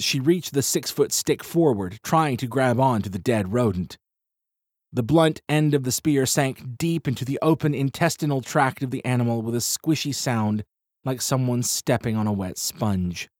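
A man reading a first-person story aloud in a measured, wry way. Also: medium pitch, a little mellow, no room sound, clean studio sound. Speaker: audiobook narrator. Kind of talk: first-person audiobook narration.

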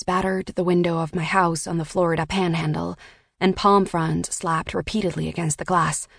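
Low, gravelly woman narrating an audiobook. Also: fairly even intonation, no room sound, clean studio sound. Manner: measured, reflective storytelling. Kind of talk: scripted first-person audiobook narration.

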